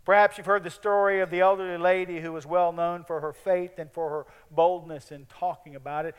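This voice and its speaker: Male preacher, earnest sermon, high smooth voice, long hall reverb. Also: little pitch movement, a little fast, few pauses. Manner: earnest, trailing off softly at phrase ends.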